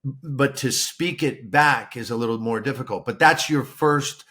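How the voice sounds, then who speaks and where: A man co-hosting a podcast, talking in a loose, animated way and explaining at length with many restarts. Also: medium pitch, unhurried. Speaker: podcast co-host. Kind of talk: casual chat.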